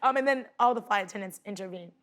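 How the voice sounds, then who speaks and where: A woman telling her story as a talk show guest, excited and animated, acting out what people said, with many fillers. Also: mid-range voice, fast, slight background noise. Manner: excited, acts out quotes, fillers and laughs. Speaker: guest passenger.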